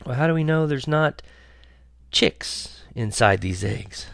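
A man voicing a fussy, worried suburban mother in a high, fluttery, polite voice. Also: animated, takes it slowly, gravelly, fairly bright tone, no room sound, studio quality, full character voice. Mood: fretting.

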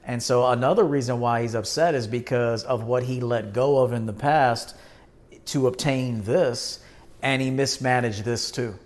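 Brief: male show host, mid-range voice, quick casual commentary, straight-talking advice. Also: mid-range voice, fairly even intonation. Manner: brisk and conversational, giving blunt advice to men.

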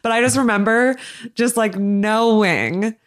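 A woman's voice: on the high side, unhurried. A woman in casual chat, telling a personal story with lots of fillers. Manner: chatty, many fillers, laughs through story.

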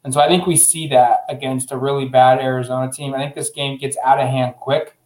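A man's voice: medium pitch, a little fast. Man chatting in a roomy echo. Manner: relaxed, uses fillers, thinks aloud. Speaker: sports podcast host. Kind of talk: casual sports chat.

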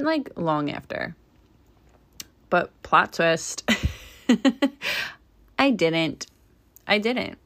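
A young woman hosting her podcast as a doula, chatting in a casual, opinionated way and laughing often. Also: lowish voice.

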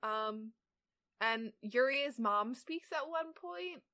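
A woman's voice: on the high side, expressive, takes it slowly, pushed and bright. A woman in her twenties co-hosting a casual podcast, chatting and reading fan fiction aloud with stumbles and hesitations. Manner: hesitant, stumbling over words while reading. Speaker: podcast co-host.

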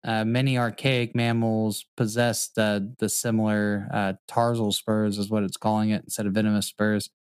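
A man's voice: on the low side, level tone, moderate pace, hardly any pauses, clear, resonant tone, no echo, studio quality. A man co-hosting a podcast in casual chat, joking, swearing and laughing as he reads facts aloud. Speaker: podcast co-host.

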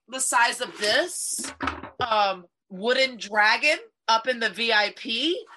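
A woman in casual chat, telling a fight story in an animated, profane way. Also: on the high side.

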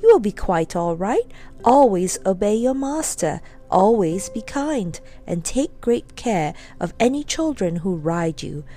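A woman voicing a gentle, wise mother pony in a storybook reading, speaking in a soothing, motherly way. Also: mid-range voice, big pitch swings, a little slow.

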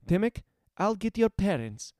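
A man's voice: high-pitched, sing-song, a little slow, darkish tone, no echo, studio quality, pitched above the performer's own voice. A man voicing a bold, cheeky young woman hero in a read-aloud story, talking brash and playful.

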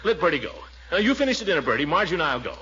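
An actor playing a pompous, flustered middle-aged uncle who blusters and laughs nervously, in 1940s radio comedy style. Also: male voice, fairly high pitch, sing-song, rapid-fire, bright, forceful tone, husky, exaggerated voice. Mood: blustering. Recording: dull old radio recording.

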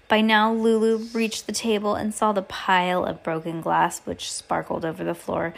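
A woman's voice: mid-range voice, monotone, moderate pace, gravelly, hardly any pauses. A woman casually reading a novel aloud, often stumbling over words and giggling at the text. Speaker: reader.

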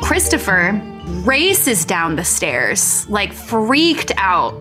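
A woman casually telling a story as a guest, animated and chiming in with laughs. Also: medium pitch, drawn-out words, music in the background.

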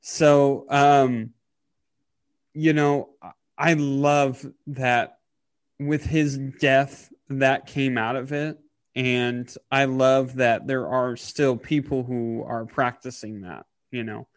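A man in his thirties talking casually on a podcast, halting with many fillers and getting choked up. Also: mid-range voice, fairly even intonation, clear, resonant tone, dry recording, studio quality. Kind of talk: casual emotional podcast talk.

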